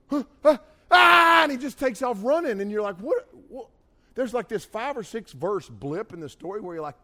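Folksy man preaching a sermon. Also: high-pitched. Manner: folksy, animated, jokey asides. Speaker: pastor. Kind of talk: sermon with storytelling.

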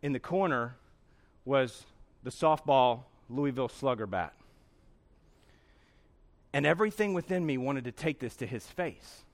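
A middle-aged male pastor preaching a sermon, telling a personal story with animated acting-out and sudden shouts. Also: mid-range voice, a little slow, pauses often.

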